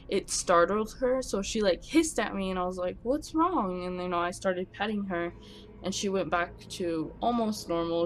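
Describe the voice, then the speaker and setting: A young woman telling a personal story on her vlog, speaking quickly and nervously with animated emphasis. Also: medium pitch. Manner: talks fast when nervous. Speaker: vlogger. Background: music.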